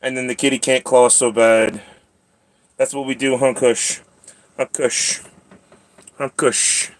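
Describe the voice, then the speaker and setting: A man's voice: medium pitch, little pitch movement, slow. A man hosting a casual livestream from home, chatting and teasing while he talks to his cat and clips its nails. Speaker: channel host.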